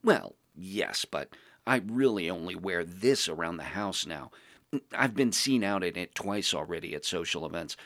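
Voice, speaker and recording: A man playing a pompous, social-climbing young male journalist with affected, genteel high-society phrasing. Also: animated, normal speed, a bit bright, no echo, clean studio sound. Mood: airy, pleased. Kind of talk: podcast role-play.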